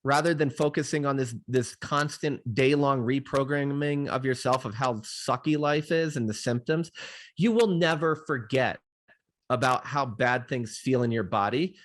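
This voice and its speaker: A man's voice: medium pitch, moderate pace. A middle-aged man hosting an interview, telling stories in a loose, rambling way full of fillers and restarts. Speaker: host. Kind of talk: casual interview chat.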